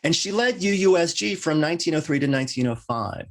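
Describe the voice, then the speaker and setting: A male minister delivering a sermon, with wry joking asides and lively rising emphasis. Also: a little high, fast.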